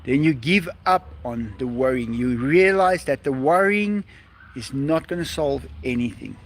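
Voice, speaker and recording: A man's voice: medium pitch, lively intonation, a little slow. A man hosting a casual live stream outdoors at home, reading viewer comments aloud and answering them. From South Africa.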